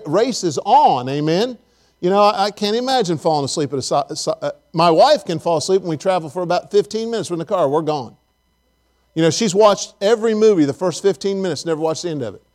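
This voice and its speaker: High-voiced man preaching a sermon. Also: darkish tone. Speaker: pastor.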